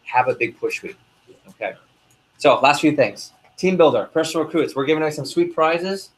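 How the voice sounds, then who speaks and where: A young man, a sales division manager, speaking to a room of reps in a lively motivational meeting, full of quick asides. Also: on the high side.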